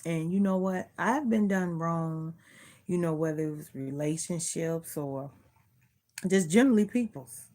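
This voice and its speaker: A woman's voice: sits low, a little slow, mellow. A middle-aged woman vlogger in casual chat, earnestly preaching life advice and repeating herself.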